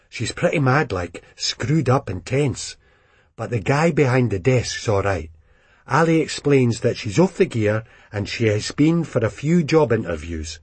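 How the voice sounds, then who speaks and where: A man with a Scottish accent reading a first-person story aloud in dialect, lively and expressive. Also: medium pitch, husky, no room sound. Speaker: reader.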